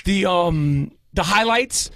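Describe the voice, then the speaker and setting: A man's voice: sits high, slow, pushed and bright, no echo. A middle-aged man with a New York accent, a podcast guest talking bluntly and profanely in rambling bursts. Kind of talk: casual podcast chat.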